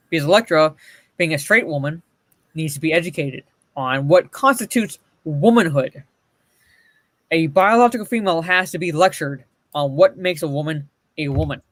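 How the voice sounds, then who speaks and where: A sarcastic man chatting casually on a show, his voice sitting somewhat high for a man. The sound is dry and close, with almost no room echo. He reads lines aloud and mocks them as he goes. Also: moderate pace, pauses often, a bit bright. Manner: sarcastic, reads comic panels aloud, swears. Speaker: podcast co-host. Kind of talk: casual commentary chat.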